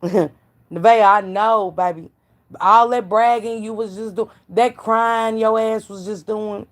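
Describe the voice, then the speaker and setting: A woman's voice: mid-range voice, fairly even intonation, slow pace. Woman, mid-range voice, cussing live commentator who preaches at her viewers. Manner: blunt, profane, preachy, calls out chat viewers by name. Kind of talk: casual gossip commentary to live chat.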